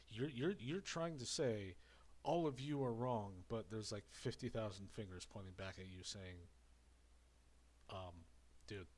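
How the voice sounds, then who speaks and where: A man with a fairly low voice runs a loose commentary rant. He rambles and circles back over the same words. He sounds a little breathless, having just had a drink. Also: a little mellow, slight background noise. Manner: rambling and repetitive. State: slightly out of breath after drinking. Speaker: commentary streamer. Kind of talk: casual ranting commentary.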